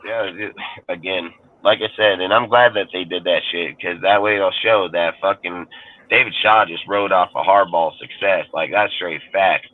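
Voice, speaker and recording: A man ranting on a sports podcast panel, swearing constantly and rambling heatedly in casual talk. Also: low-pitched. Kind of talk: profane casual rant. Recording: tinny phone-like line.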